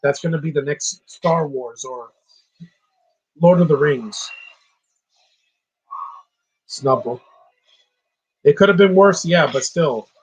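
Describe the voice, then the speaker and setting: A man's voice: on the high side, slow pace, long pauses, breathy edge, low-quality recording. A man giving casual live commentary on a movie, opinionated and ranting about what he dislikes. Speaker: film commentator.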